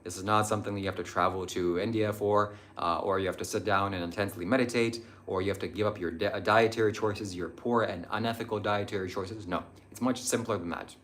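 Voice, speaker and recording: Young male live-stream host, low-pitched, earnest, meandering delivery full of ums. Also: fairly even intonation, a little fast, hardly any pauses, fairly bright tone, a little hiss or hum. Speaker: livestream host answering viewer chat. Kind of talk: casual live-stream talk on spirituality.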